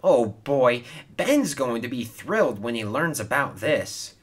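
A man's voice: mid-range voice, very animated, measured pace, voice pushed up. A man voicing a cheeky, scheming male steam engine in a storybook reading, chirpy and sly.

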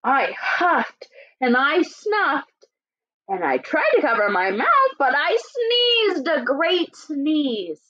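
A woman teacher voicing a sly, chatty male wolf as she reads a storybook aloud in a lively, playfully indignant way. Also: sits high, slow pace, voice pushed up, full character voice. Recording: dull lo-fi recording.

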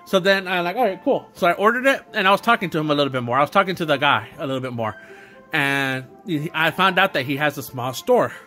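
A young man chatting unscripted to his camera, his bright, forward voice sitting a little high for a man. He rambles along, stumbling over restarts and fillers, and faint music plays underneath. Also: animated, fast talker. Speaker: YouTuber doing an unboxing video. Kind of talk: unscripted casual vlog talk.

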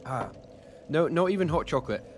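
On the high side and brisk, this British gaming streamer's voice has lively intonation, with slight noise behind it. He's young and rambles casually through his play commentary, full of ums and self-mocking jokes while he answers chat.

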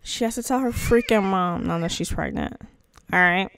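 A woman's voice: medium pitch, normal speed, creaky, a bit bright. A woman giving casual, chatty gameplay commentary to her channel's viewers, playful and slangy in her asides. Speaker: gaming channel host.

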